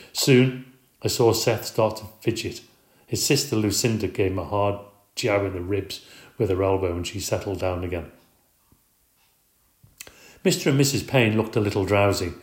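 A man narrating a children's story in an expressive, conversational audiobook reading. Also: lowish voice. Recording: roomy echo.

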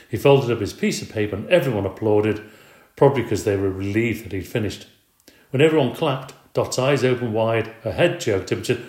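A man narrating a children's story in an expressive, conversational audiobook reading. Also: lowish voice, moderate pace. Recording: roomy echo.

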